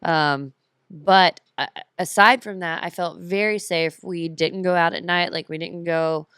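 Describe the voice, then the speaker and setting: A woman from the United States, a podcast guest who tells travel stories in a lively way and laughs often. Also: lowish voice, a little slow, clear, resonant tone, no echo, clean studio sound. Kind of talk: casual chat.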